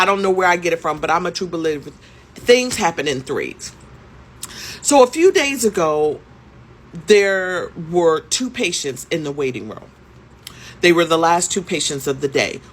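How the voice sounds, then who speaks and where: A woman in her fifties telling a story in a conversational, emphatic way, with frequent rhetorical questions. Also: low voice. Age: 50s. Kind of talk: storytime vlog.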